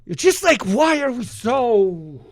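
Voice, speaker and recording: A man streaming a profane, heated political rant, sweating and shouting at times. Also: very high voice, sing-song, slow pace, no room sound, studio quality. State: sweating, flushed. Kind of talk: ranting political commentary.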